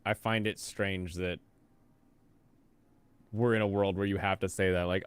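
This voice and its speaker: A man's voice: sits low, fairly even intonation, unhurried, long pauses, clear, resonant tone, no echo. A man hosting a casual reaction stream, sarcastic, laughing often and going off on rants. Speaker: stream host.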